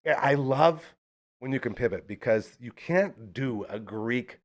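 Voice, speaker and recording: A man's voice: mid-range voice, lively intonation, measured pace. A man hosting a live local podcast, chatting casually and launching into hyped ad reads. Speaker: podcast host. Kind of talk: casual live-stream chat.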